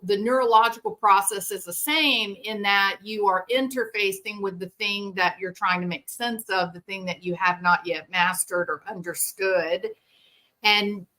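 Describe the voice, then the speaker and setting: Woman, podcast host, bright tone, middle pitch, animated explaining. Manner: animated, acts out parents and children in quoted voices. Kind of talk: explanatory commentary.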